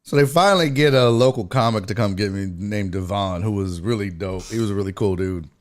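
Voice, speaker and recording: A man's voice: on the low side, fairly quick. A male comedian and podcast host telling a story in casual chat, profane and exclaiming.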